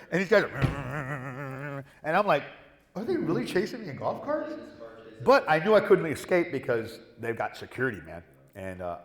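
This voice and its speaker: A man on a convention panel, telling a story with lots of swearing and acting out the voices of the people in it. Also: medium pitch. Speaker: panel guest. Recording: roomy hall with long reverb.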